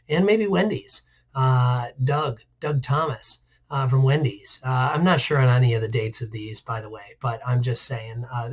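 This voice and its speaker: A man teaching a recorded history lesson in a relaxed, conversational way, filling pauses with frequent "uh"s. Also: mid-range voice. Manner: relaxed, many "uh" fillers, conversational asides. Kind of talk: recorded class lecture over slides.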